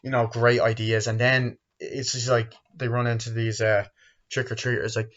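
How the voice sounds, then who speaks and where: A man's voice: mid-range voice, level tone, normal speed, fairly bright tone. Rambling, profane young man reviewing films. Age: 20s. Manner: rambling, profane, acts out film scenes in raised voice. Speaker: movie reviewer. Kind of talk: casual spoken film review. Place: bedroom, indoors. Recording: dull lo-fi home recording.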